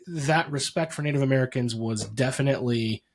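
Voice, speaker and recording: A man co-hosting a marketing podcast, chatting casually with quick asides and frequent restarts. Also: medium pitch. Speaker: podcast co-host.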